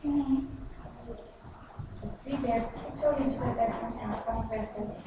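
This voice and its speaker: A woman reading a storybook aloud to children in an expressive, sing-song way. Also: a little high, unhurried, pauses often. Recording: echoey, far-off noisy room.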